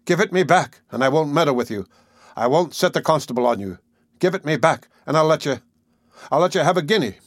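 A man's voice: a little high, expressive, fairly quick, dry recording, clean studio sound. A man reading aloud voices a desperate old weaver who has been robbed, pleading and crying out. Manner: pleading, raising voice to a cry.

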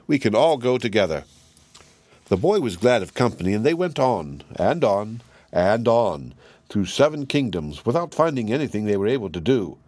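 Male storybook narrator, low voice, measured pace, dry close sound. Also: big pitch swings, darkish tone, dry recording. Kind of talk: storybook reading.

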